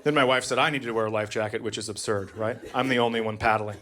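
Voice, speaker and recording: A man's voice: on the low side, fairly even intonation, fast, a bit bright, a faint crowd. A middle-aged man doing a stand-up comedy set, telling dry stories that break into exasperated outbursts.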